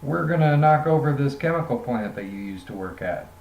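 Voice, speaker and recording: A man doing a shady, fast-talking crook. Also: mid-range voice, expressive, creaky, dull audio. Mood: persuasive. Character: shady male crook making an offer. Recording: roomy echoey room.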